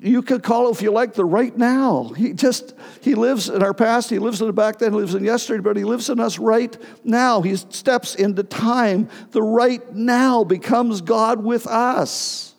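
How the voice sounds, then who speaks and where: A middle-aged male pastor preaching a sermon, telling a personal story with emotion and halting restarts. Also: extremely high pitch, creaky. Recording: long hall reverb.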